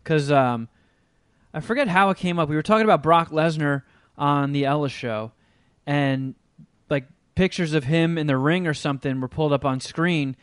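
A man's voice: fairly high pitch, fairly bright tone, dry recording, clean studio sound. A man hosting a podcast, telling rambling stories in casual chat with lots of swearing. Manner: rambling storytelling, heavy swearing. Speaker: podcast host.

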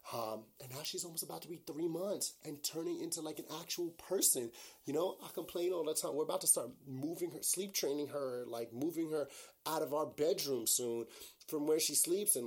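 A man's voice: fairly high pitch, darkish tone. A man hosting his own podcast, talking in a casual, rambling monologue full of "like" and "you know" and turning openly emotional. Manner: gushing and emotional. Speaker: podcast host.

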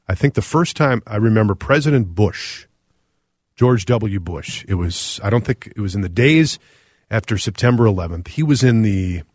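A middle-aged man hosting a radio talk show, reading listener texts aloud in an earnest, reflective way with frequent pauses. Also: on the low side, darkish tone, breathy edge, no echo, clean studio sound.

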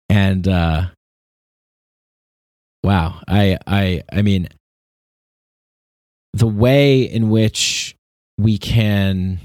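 A man's voice: low-pitched, a little mellow, dry recording, studio quality. A man hosting a podcast, talking in a rambling, reflective monologue full of restarts and laughs. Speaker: podcast host. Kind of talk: casual monologue.

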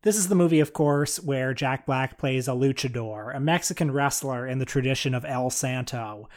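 A man co-hosting a film podcast, explaining and framing topics in a measured, casual way. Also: mid-range voice. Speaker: podcast co-host.

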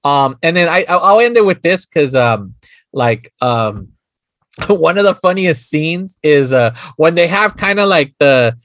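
A man's voice: fairly high pitch, animated, measured pace, fairly bright tone, dry recording. A man co-hosting a casual podcast, laughing often, swearing and stumbling for words. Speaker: podcast co-host. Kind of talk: casual chat.

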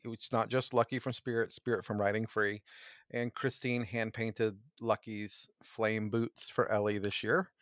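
A man with a gravelly, fry-touched low voice recounts his news with enthusiasm. The sound is dry and close, with no room around it. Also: dry recording. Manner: upbeat, enthusiastic storytelling. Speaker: podcast co-host. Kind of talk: casual chat.

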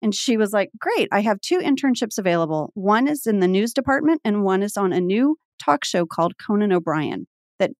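Speaking a little fast in a mid-range voice, this podcast guest is a forties-aged woman from Texas. In clean, dry studio sound, she chats casually through a story, animated as she performs each quoted voice.

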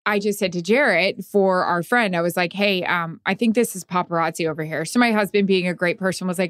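A woman's voice: on the low side, fairly quick, hardly any pauses, no room sound, clean studio sound. A married woman co-hosting a podcast, chatting casually and telling anecdotes full of quoted dialogue. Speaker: podcast co-host. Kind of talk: casual chat.

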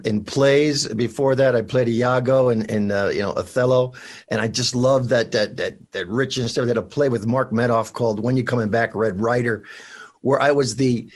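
An older man chats easily as a guest on a talk show, spinning stories and now and then belting out a quoted shout. His voice sits at an ordinary middle pitch. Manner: chatty storyteller, acts out shouted quotes. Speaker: actor guest. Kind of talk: casual radio interview.

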